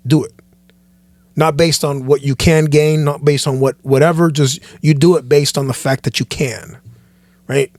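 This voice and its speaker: Pastor guy on a podcast couch, kinda high voice, fired up and preachy, keeps restarting sentences, super dry mic. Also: normal speed, dry recording. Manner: animated, preachy, repeats and restarts phrases. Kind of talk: casual podcast chat.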